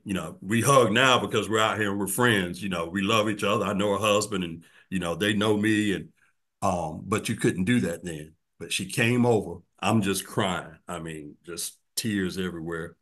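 A man in his sixties, a guest in an interview, telling his story earnestly and reflectively, often dropping to a soft, quiet voice. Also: lowish voice, moderate pace. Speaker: guest, formerly incarcerated man.

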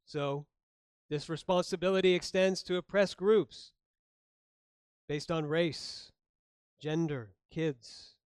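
A middle-aged pastor preaching a sermon in a conversational way, with rhetorical questions and light humor. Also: male voice, a little high, slow pace, pauses often, a little mellow, smooth, no echo, clean studio sound.

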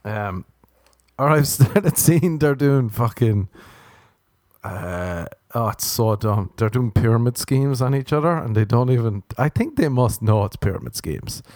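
Sardonic Irish man ranting, low voice. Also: darkish tone, no room sound, clean studio sound. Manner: sardonic, profane, self-mocking. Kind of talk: comic rant.

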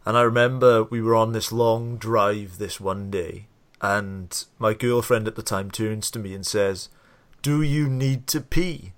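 Low-voiced man hosting an interview. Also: flat delivery, unhurried, fairly bright tone. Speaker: podcast host. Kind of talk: casual interview conversation.

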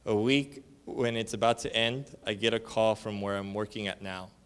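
A male church elder delivers a conference sermon in a lowish, clear, resonant voice with fairly even intonation and a moderate pace. He tells stories casually, full of slang and fillers, and acts out the dialogue by shifting his voice for each person.

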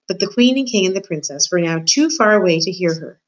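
A woman's voice: on the low side, expressive, fairly quick, poor audio. Woman reading a storybook aloud. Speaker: reader.

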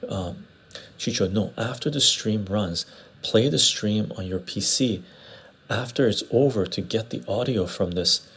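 A man's voice: lowish voice, unhurried, fairly bright tone, breathy edge. A man from Western Canada hosting a casual livestream, rambling and answering viewer comments in a conversational way. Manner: rambling, conversational, often tags "right?". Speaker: livestream host. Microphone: lapel mic.

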